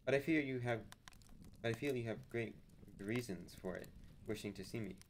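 A man reading aloud and voicing a calm, placid male sea captain in a storybook reading. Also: mid-range voice, slight background noise, lightly acted. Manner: calm, measured.

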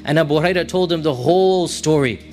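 A man's voice: fairly high pitch, quick pace, darkish tone, faint music behind. A man giving a religious lecture in a storytelling manner, quoting the people in his tale and reciting passages in Arabic. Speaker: Islamic preacher.

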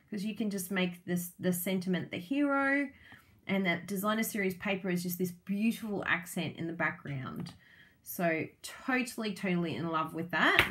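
Gushing excitable woman unboxing crafts. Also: mid-range voice, a little hiss or hum. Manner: gushing, excitable, laughs often. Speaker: craft vlogger and product demonstrator. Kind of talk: casual unboxing chat.

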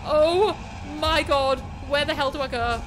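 A woman's voice: sits high, a little slow, over music. A young woman playing a horror game live, talking to herself, shrieking at scares and laughing at herself. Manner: jumpy, screams and laughs, chatty. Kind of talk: live gameplay commentary.

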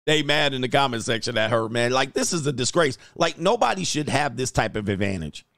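A man's voice: mid-range voice, lively intonation, fairly quick, a bit bright, dry recording, studio quality. A man hosting a livestream, riffing and ranting in slangy casual reaction commentary and laughing often. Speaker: livestream host.

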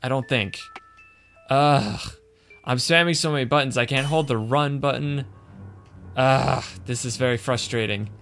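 A gaming channel host plays a video game while commenting, growing exasperated and muttering complaints about the controls. His medium-pitched voice is a little slow, creaky and fairly bright, with frequent pauses and faint music behind him.

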